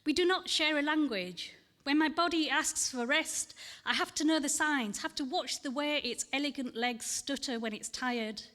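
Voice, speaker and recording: A woman gives a poetry reading at a festival event, her voice sitting fairly high. She speaks candidly and earnestly, with a measured reading cadence. A long hall reverb trails behind every phrase. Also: a bit bright. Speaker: poet. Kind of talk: poetry reading with personal talk.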